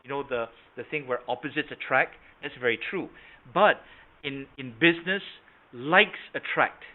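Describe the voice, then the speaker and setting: A man with a mid-range voice speaks at normal speed while leading a sales training over a video call, and the audio comes through tinny, like a phone. His style is interactive: he names participants, asks "right?" and "okay?", and shifts between softness and strength to make his points.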